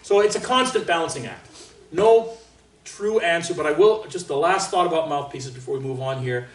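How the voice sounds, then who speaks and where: A man from Canada leading a trumpet master class in a casual, joking way, with boastful asides and sudden loud exclamations. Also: a little high, moderate pace. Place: large room with an audience. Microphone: distant microphone. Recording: roomy, distant sound.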